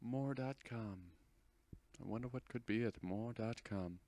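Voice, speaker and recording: A man's voice: medium pitch, a little slow, dark tone, a little hiss or hum. A young man giving rambling, goofy and self-deprecating commentary over a screen recording of his channel. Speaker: channel host.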